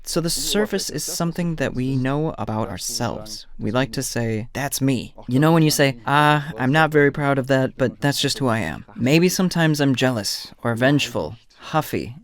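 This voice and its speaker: A man with a German accent, a therapist, lectures to an audience, telling stories and acting out little dialogues with patients. His mid-range voice has lively intonation, moving at normal speed with hardly any pauses.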